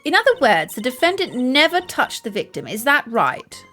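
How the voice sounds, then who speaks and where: A woman's voice: high-pitched, wildly swooping pitch, moderate pace, pushed and bright, soft background music, exaggerated voice. A woman voicing a confident female defense lawyer who speaks firmly. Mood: pressing. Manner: firm, declarative.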